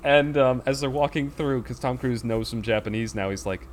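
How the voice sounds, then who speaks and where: A man's voice: medium pitch, little pitch movement, normal speed, hardly any pauses, slight background noise. A man chatting casually on a podcast, retelling a film's plot in a rambling way with many fillers and acted-out quotes. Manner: rambling storyteller with fillers, acts out quoted lines.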